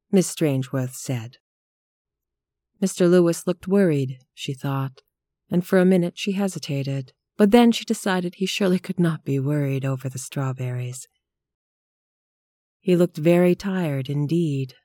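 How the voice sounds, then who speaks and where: A woman with a fairly low voice reads a story aloud in a measured, steady way. The recording is close and dry, with no room sound. Her delivery stays calm and unhurried. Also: no room sound. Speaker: narrator. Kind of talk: scripted audiobook narration.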